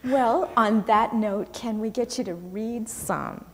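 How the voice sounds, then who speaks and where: A woman's voice: a little high, slow pace. A woman guest host asking an author friendly questions onstage in an opera house. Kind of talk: onstage interview. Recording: long reverb of a large hall, faint noise.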